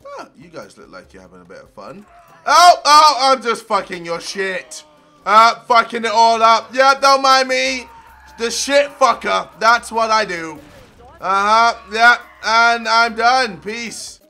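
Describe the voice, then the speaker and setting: A young man giving loud, profane gameplay commentary, shouting and yelping at the game. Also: very high-pitched, expressive, a little slow. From England. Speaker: gaming video creator.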